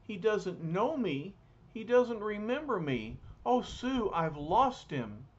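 A man voicing a worried, tender young woman, pleading in a raised pitch, in a muffled lo-fi recording. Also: sing-song, a little slow. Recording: muffled lo-fi recording, faint hiss.

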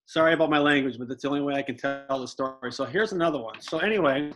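Animated man telling baseball stories. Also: medium pitch, fast talker, faint music behind, poor audio. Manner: animated storyteller who acts out quotes with swearing. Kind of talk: casual storytelling interview.

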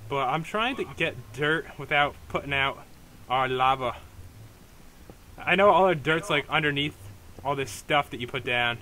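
Rambling young man, bright tone. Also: a little high, normal speed, a little hiss or hum. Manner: rambling, hesitant, many fillers and restarts. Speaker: let's play host. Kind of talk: casual gameplay commentary.

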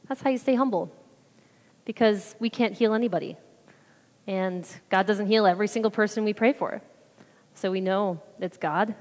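A woman giving a chatty, rambling mission trip report at church, acting out what people said. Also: mid-range voice. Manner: chatty, rambling, acts out quotes. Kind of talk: casual testimony talk. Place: church sanctuary. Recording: reverberant hall.

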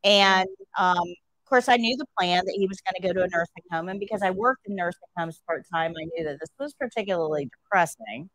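A woman's voice: lowish voice, fairly quick, fairly bright tone, no echo, low-quality recording. A woman nursing instructor telling a story to her class during a livestream, asking rhetorical questions as she goes.

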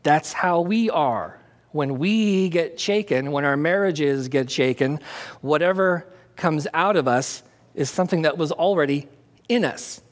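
A man's voice: a little high, measured pace, big-room sound. A man preaching a conversational sermon as pastor, with demonstrations.

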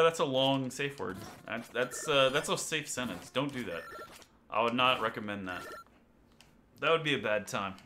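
A man's voice: medium pitch, pushed and bright, slight background noise. A young man casually commenting on a game he plays live, chatting and laughing with his viewers. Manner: chatty, laughing, talking to chat. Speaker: streamer. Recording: game music behind the voice.

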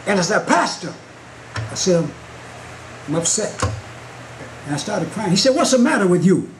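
A man preaching a Pentecostal sermon at a Bible study, telling a story and rising into shouts with call-and-response. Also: sits high, very animated, moderate pace. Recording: congregation noise in a church hall. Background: congregation responding.

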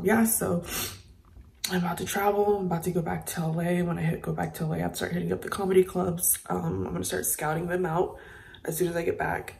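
A woman's voice: on the low side, gravelly. A young woman vlogging at home, talking openly and emotionally and close to tears. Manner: emotional, confessional, with soft laughs. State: tearful. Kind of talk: casual personal vlog. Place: indoors at home, then an airport.

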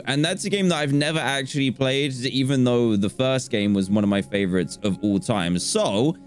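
A young man giving casual, joking commentary as he plays a video game, excitable and quick to laugh. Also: medium pitch. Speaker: gaming YouTuber. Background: game music.

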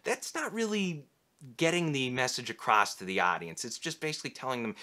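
A young man with a bright, forceful voice talks through writing advice to camera. He is candid and blunt, with a sarcastic edge when he mocks clichés. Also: medium pitch, wildly swooping pitch, brisk. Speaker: writing teacher.

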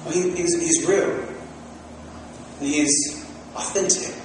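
High-voiced pastor preaching in an echoing hall. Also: male voice, takes it slowly, background noise. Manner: animated storytelling with acted-out quotes. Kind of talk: sermon. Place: church sanctuary. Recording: echoey hall from far off.

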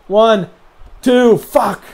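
A young man giving gameplay commentary, swearing often and shouting at the game. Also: sits high, drawn-out words. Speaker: let's play commentator.

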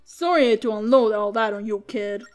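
A woman's voice: on the high side, normal speed, soft background music, close to an everyday voice. A woman reading out a grumpy young man who is fed up with his father. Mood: sulky. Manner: scornful, blunt.

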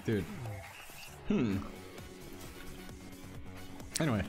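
A man's voice: lowish voice, very animated, drawn-out words, music in the background. A man streaming a game, chatting casually and teasing his co-player with jokey banter. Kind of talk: casual gaming stream chat.

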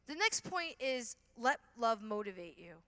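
A woman giving an animated conference talk, telling a story with many fillers and restarts. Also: a little high, a little slow. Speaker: conference speaker. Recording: long hall reverb.

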